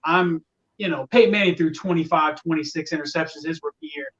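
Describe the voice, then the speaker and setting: A man's voice: fairly high pitch, a little fast, fairly bright tone, far from the mic, muffled recording. A man talking casually on a sports podcast, venting with exasperation about fickle fans. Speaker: podcast guest, Colts fan.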